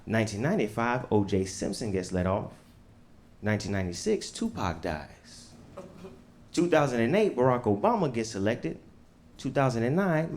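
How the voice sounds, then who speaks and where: A man from the United States performing a stand-up comedy set with punchy, animated delivery and casual swearing. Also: mid-range voice.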